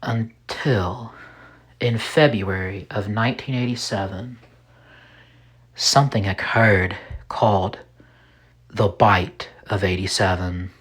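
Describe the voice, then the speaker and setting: Male narrator for a horror series, unhurried and a little raspy, deliberate and ominous. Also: fairly low pitch, steady tone, fairly bright tone. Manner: slow, deliberate, ominous storytelling. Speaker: storyteller. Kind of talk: scripted horror story narration.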